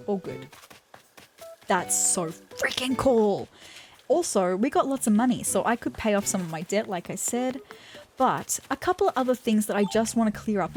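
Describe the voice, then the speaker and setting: An Australian woman hosting a let's-play video, commenting in a gushing, excitable way. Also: mid-range voice. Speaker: gaming channel host.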